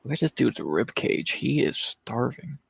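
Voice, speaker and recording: Laid-back gravelly man on a dry mic. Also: mid-range voice, big pitch swings, unhurried, no echo. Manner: laid-back, profane, amused. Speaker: podcast co-host. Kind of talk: casual livestream chat.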